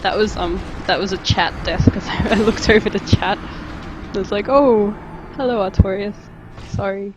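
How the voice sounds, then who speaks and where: A woman's voice: medium pitch, steady tone, moderate pace, background noise. Chatty Australian woman streaming a game. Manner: chatty, rambling, reads and answers chat. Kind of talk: casual live-stream chat while playing.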